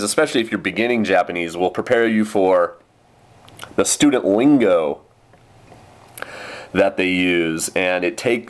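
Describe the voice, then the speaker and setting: A young man with a fairly low voice rambles through a casual vlog about his day teaching English. He talks loosely, full of fillers and little asides. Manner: chatty, with many fillers and quoted kid voices.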